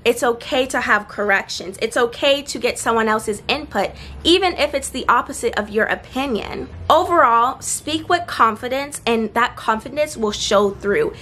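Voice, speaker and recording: Slightly high, expressive, and pushed-bright, this young woman's voice has some faint background noise behind it. She gives confidence and speaking tips in a casual vlog recorded outside with seagulls nearby, earnest and encouraging, slowing to emphasize key points.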